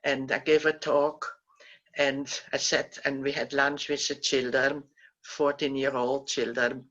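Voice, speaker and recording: Older woman, survivor guest speaker, forceful bright tone, halting storyteller, lo-fi sound. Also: a bass voice, little pitch movement. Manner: halting, gentle storytelling with frequent restarts. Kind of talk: recounting personal memories in a talk.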